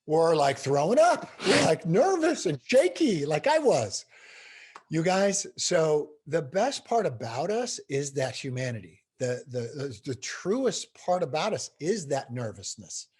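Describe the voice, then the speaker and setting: A middle-aged man on a video call tells a story with rising intensity. His voice is husky and fairly high, and it swings widely in pitch as he speaks. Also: measured pace. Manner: animated, building intensity. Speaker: guest speaker. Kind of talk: storytelling interview answer.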